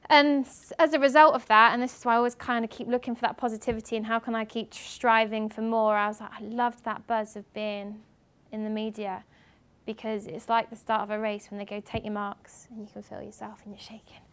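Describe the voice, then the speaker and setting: A young woman from England giving a lively talk to students at a university as a guest speaker, acting out what other people said as she tells her stories. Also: on the high side, brisk, few pauses, clean tone. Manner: animated storytelling, acting out others' lines. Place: university lecture room.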